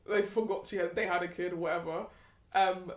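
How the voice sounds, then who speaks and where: A woman's voice: fairly low pitch, fairly even intonation, brisk, reverberant. A woman co-hosting a podcast in casual chat, retelling scenes and quoting characters in passing. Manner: chatty, retells scenes with quoted voices. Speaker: podcast co-host.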